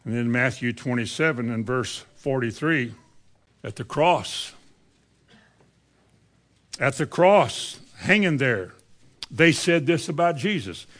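A man's voice: medium pitch, expressive, takes it slowly, long pauses, a bit bright. A man in his seventies preaching a conversational sermon, full of rhetorical questions and wide swings in delivery. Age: 70s.

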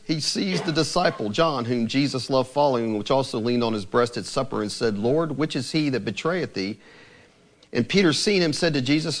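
A man preaching a sermon in a conversational way, slowing right down to stress scripture phrases and acting out the voices he quotes, with light laughs between points. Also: mid-range voice.

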